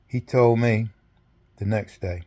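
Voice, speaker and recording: A man's voice: on the low side, slow pace. An older man, an interview guest, telling a rambling story with frequent laughs and acted-out dialogue. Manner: animated, laughs often, acts out both sides of dialogue.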